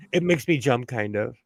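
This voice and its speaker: A man with a Southern California accent hosting a casual sewing livestream, talking in a chatty, animated way. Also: medium pitch, vocal fry, dry recording, studio quality. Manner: chatty, animated storytelling with laughs.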